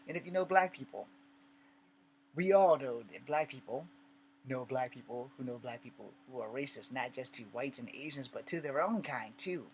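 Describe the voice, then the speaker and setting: A man from the United States talks straight into his vlog at an ordinary middle pitch. He tells his story bluntly, swears freely and acts out the conversations he recounts. A faint hum sits beneath his voice. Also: normal speed, low-quality recording. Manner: blunt and profane, with frequent swearing; animated retelling with acted dialogue. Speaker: vlogger. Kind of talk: casual storytelling monologue.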